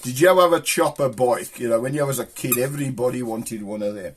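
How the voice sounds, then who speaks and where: A man's voice: medium pitch, fast talker, slight background noise. Middle-aged man, black country accent, casual joke-telling, rambling, chuckles at own gags. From England. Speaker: channel host. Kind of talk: casual chat, telling jokes to camera.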